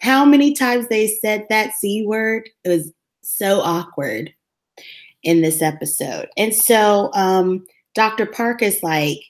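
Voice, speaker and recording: A woman co-hosting a casual podcast, recapping a TV episode and acting out the characters' lines in a lively way. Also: mid-range voice, slow pace. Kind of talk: casual chat.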